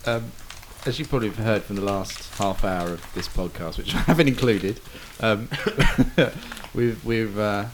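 A man's voice: on the low side, a little slow. A man hosting a casual podcast chat, talking with hesitant fillers and frequent laughter. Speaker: podcast host. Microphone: failing podcast mic. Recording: hissy mic noise.

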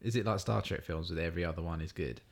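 A man's voice: sits low, rapid-fire. A man co-hosting a casual film podcast, answering briefly and dryly. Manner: brief, dry replies with short laughs. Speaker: podcast co-host.

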